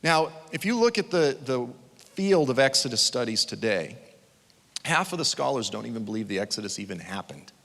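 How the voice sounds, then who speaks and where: Bright-voiced, animated male preacher in a hall. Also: medium pitch, a little fast, vocal fry. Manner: animated storyteller, acts out quotes with sudden shouts. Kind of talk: conference sermon.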